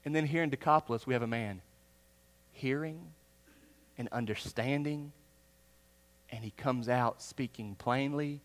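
A male pastor preaching a sermon, earnest, swinging from loud emphasis down to hushed, near-whispered lines. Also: medium pitch, a little slow, pauses often. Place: church sanctuary. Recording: long reverb of a church hall.

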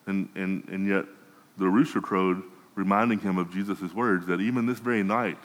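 Man, sermon, low voice, long hall reverb, conversational restarts. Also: steady tone, normal speed. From United States. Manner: conversational, frequent restarts and repeated words. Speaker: preacher.

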